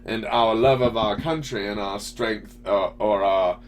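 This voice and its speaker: A man's voice: fairly low pitch, unhurried, slight background noise. A man hosting a casual talk show, ranting with swearing and rhetorical questions. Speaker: podcast host. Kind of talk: casual political chat.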